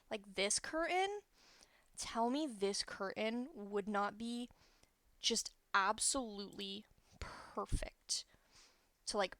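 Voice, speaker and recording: A woman streamer with a slightly bright, higher-pitched voice chats casually while building in a game, thinking aloud and correcting herself. She's close to the mic, with no echo.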